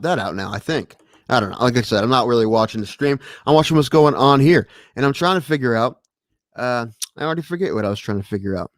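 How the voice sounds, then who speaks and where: A man hosting a solo stream, chatting casually and rambling from thought to thought, growing excitable as he tells stories. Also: mid-range voice, no echo. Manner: scattered and rambling, with many restarts, then excitable when telling a story. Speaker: podcast host streaming solo.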